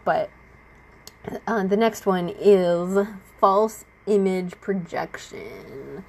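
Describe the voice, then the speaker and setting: A woman's voice: medium pitch, drawn-out words, gravelly, darkish tone. A young adult woman talking casually to the camera about her own experiences, laughing often and acting out what others said. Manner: chatty, laughs often, acts out quotes. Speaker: vlogger sharing personal experience.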